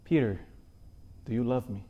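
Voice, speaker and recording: A man preaching, speaking the lines of a grave, calm teacher in a hushed tone. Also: a little high, moderate pace, dull audio, natural voice. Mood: tender.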